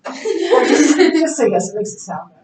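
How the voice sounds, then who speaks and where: A middle-aged woman teaching a Bible class in a casual, animated way, telling stories and laughing easily. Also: sits high, measured pace, heavy background noise. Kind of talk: casual classroom lecture with anecdotes. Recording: echoey classroom, distant mic.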